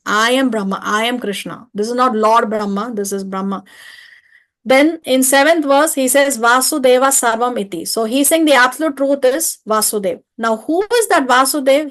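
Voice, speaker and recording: Casting: woman, slightly high voice, calm methodical class teacher. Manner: patient, explains step by step with rhetorical checks. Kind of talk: online study-class lecture. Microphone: video call or home mic.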